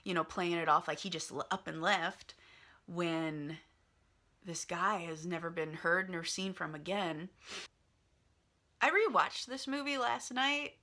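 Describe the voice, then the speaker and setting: Bright-voiced woman chatting about a movie. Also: on the low side, measured pace. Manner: chatty, filler-heavy, retells scenes with quotes. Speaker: vlogger reviewing a movie. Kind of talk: casual chatty storytelling.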